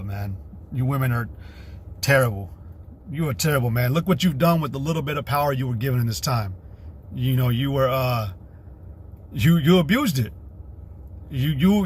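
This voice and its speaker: A man's voice: medium pitch, slight background noise. A man hosting a livestream, giving a combative, profane religious rant in a rambling way. He reads scripture aloud between scornful outbursts and curses freely. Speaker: livestream host.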